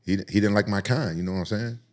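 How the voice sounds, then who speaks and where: Low-voiced fast-talking man. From Memphis, US. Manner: profane, animated, jumps to high pitch when quoting others. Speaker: podcast guest, former UFC champion. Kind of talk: casual storytelling.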